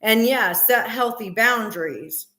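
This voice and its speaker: Middle-aged woman, casual live-stream chat, unhurried, earnest, emphatic, fillers, roomy echo. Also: fairly high pitch, bright, forceful tone.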